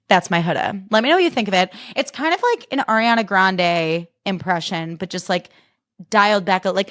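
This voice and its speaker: A woman's voice: medium pitch, sing-song, normal speed, a bit bright, no room sound, studio quality. A woman podcast host and comedian in a casual comic monologue, chatty and sarcastic, full of fillers.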